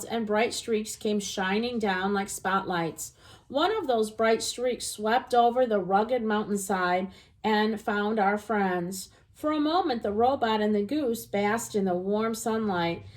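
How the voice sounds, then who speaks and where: A woman narrating a children's storybook aloud in an expressive, gentle reading voice. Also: fairly high pitch.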